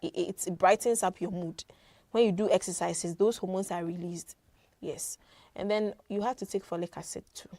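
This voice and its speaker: A woman's voice: on the low side, steady tone, moderate pace, warm tone, no echo. A woman working as a midwife, earnestly explaining health advice with frequent fillers and repeated words. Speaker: midwife guest.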